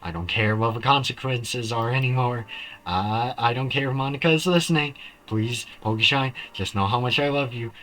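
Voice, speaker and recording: A man's voice: medium pitch, moderate pace, bright, forceful tone, lightly acted, low-quality recording. A man reading as an obsessive young woman in love. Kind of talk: reading game dialogue aloud on stream.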